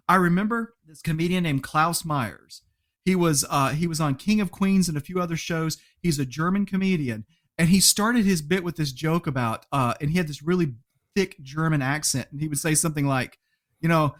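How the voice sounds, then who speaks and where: Animated man telling stories, fairly high voice. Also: fast talker. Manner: animated storyteller, laughs often, acts out quotes. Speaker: podcast guest. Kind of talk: casual interview chat.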